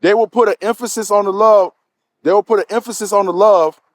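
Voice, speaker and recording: Co-hosting a casual livestream, a man responds to viewer comments emphatically, pressing and repeating his points and often restarting his sentences. His high voice stays steady and a little fast, recorded with no room sound and faint music in the background.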